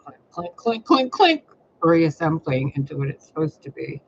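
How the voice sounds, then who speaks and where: A man's voice: a little high, normal speed, creaky, breathy edge, muffled recording. A man doing tarot readings, talking in a rambling, blunt way with a lot of swearing. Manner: profane, expressive, blunt. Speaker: tarot reader. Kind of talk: rambling casual monologue.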